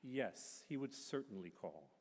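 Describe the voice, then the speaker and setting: A husky, mid-range voice reads a novel a little slowly at a public literary festival, characterful and expressive as it shifts from narration to the story's characters. A long reverb tail trails each phrase.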